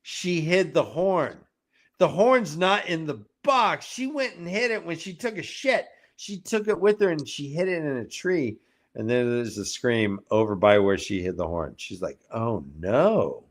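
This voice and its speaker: A man co-hosting a casual book-club show, recapping chapters with animated storytelling and jumping into high mocking character voices. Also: normal speed. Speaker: podcast co-host recapping chapters.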